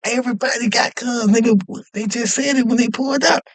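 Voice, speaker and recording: A man telling a story in a casual, animated and profane way, often checking in with "you know what I mean". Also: extremely high pitch, brisk, no echo. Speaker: podcast host telling a story.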